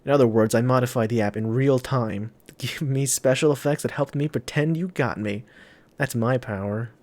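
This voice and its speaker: A man's voice: medium pitch, moderate pace, a little mellow, no echo, close to an everyday voice. A man reading the lines of a clever, cocky young male trickster, explaining in a matter-of-fact way.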